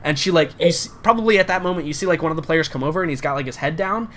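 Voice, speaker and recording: A man's voice: a little high, rapid-fire, a bit bright, a little hiss or hum. A man narrating a tabletop role-playing game as game master, loose and rambling with many fillers.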